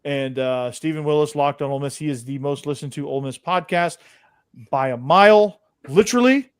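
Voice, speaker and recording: A man's voice: medium pitch, fairly even intonation, quick pace, clean tone, no room sound, clean studio sound. A man co-hosting a casual sports podcast, easygoing and trailing off with fillers between thoughts. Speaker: podcast host.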